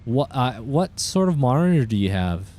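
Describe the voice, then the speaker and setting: A man's voice: mid-range voice, moderate pace. Chatty male game streamer. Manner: chatty, greets chat viewers, excitable outbursts. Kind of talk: casual live-stream commentary.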